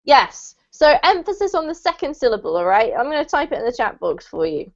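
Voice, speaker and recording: A woman hosting an online English class, her voice high and swinging widely as she coaches and laughs along. It comes through muffled, lo-fi call audio. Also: big pitch swings, brisk. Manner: upbeat, coaching, laughs often. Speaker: English conversation teacher. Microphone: video call.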